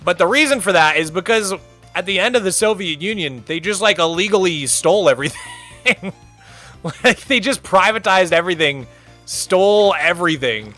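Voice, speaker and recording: A man in his thirties with a high, lively voice rambles through casual live-stream chat, peppering everything with "like". His tone is bright and a little sharp, with faint game music under him. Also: moderate pace. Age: 30s. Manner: rambling, animated, full of "like" fillers.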